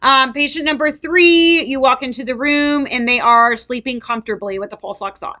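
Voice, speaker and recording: Brief: upbeat woman nursing tutor, high bright voice, lively quizzing style. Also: moderate pace. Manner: animated, quizzing students, acts out patients. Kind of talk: casual classroom review lesson.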